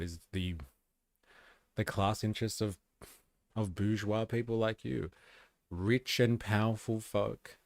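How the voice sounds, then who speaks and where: A man rants through a casual livestream, sarcastic and quick to swear. His voice sits fairly low with a gravelly edge. The sound is dry and close. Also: fairly even intonation, no echo. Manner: sarcastic, profane, opinionated. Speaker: streamer and commentator.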